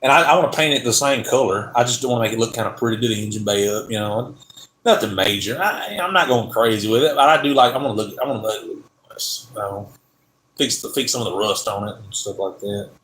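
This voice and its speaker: A man's voice: on the low side, brisk, a bit bright, a little hiss or hum. Rambling Southern man in an echoey room. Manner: rambling, trailing off mid-sentence. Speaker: car channel livestream host. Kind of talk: casual livestream chat.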